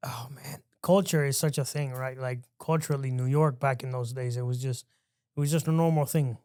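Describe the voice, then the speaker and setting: Smooth-voiced male podcast host. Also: medium pitch, brisk, no room sound, clean studio sound. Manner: relaxed, agreeable, offers short reflections. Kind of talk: casual interview chat.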